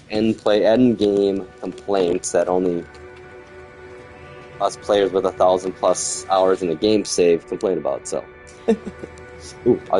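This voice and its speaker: A man with a lowish voice talks through his gameplay in a loose, rambling stream-chat manner. He grumbles about little design quirks and chats to viewers as he goes. Soft game music runs quietly underneath. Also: rough recording. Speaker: gaming streamer. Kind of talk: casual gameplay commentary.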